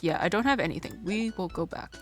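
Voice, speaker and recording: A woman's voice: on the low side, animated, fairly quick, music in the background. A woman streamer making chatty, joking asides while playing a game. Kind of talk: casual game commentary.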